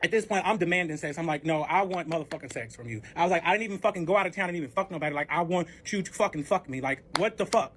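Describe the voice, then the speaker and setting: A man with a high, light voice rattles through a casual storytime at a brisk clip. He swears freely, leans hard on filler words and plays out both sides of every exchange himself. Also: fairly bright tone, a little hiss or hum. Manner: profane, with heavy filler words; acts out both sides of the dialogue.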